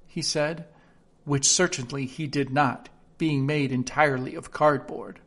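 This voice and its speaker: A man narrating a storybook in a steady, clear reading voice. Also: medium pitch, normal speed.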